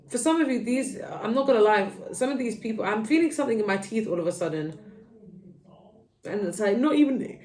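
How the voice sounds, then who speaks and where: A woman's voice: medium pitch, darkish tone. A woman giving a tarot reading to her viewers, rambling and earnest, with many fillers and restarts. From United Kingdom. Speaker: tarot reader. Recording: echoey room, voice a little far from the mic.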